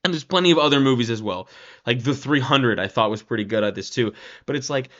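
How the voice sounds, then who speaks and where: A man at a middling pitch rants through a film review in a loose, casual way. He keeps circling back with "like" and "right?" and swears freely. The recording sounds a little dull and lo-fi. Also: quick pace, fairly bright tone.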